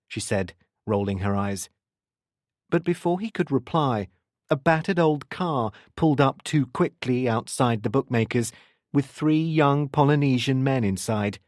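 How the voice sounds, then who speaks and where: Expressive male audiobook narrator. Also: medium pitch, measured pace, no room sound, clean studio sound.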